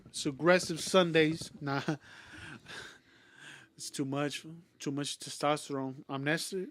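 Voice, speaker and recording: Young male podcast host, slightly higher voice, loose rambling storyteller, swears a lot, casual banter. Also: steady tone, measured pace, fairly bright tone. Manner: rambling, profane storytelling full of "like". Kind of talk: casual chat.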